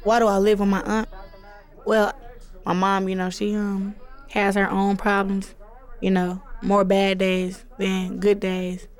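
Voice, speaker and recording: A woman's voice: mid-range voice, monotone, a little slow. A teenage girl from Flint, Michigan, speaking casually and reflectively into a tape recorder for her personal audio diary. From Flint, Michigan, United States. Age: teens. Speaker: boxer keeping an audio diary. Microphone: handheld tape recorder.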